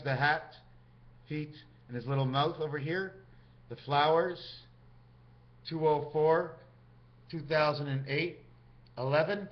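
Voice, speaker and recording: High-voiced man rambling on a lo-fi recording. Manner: free-associating, jumps between topics. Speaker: vlogger. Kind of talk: rambling monologue to camera.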